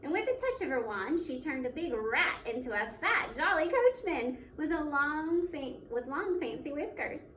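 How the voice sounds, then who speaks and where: High-voiced woman teacher reading a story. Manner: expressive, measured storytelling. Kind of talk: storybook read-aloud. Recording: echoey room, mic at a distance, faint background noise.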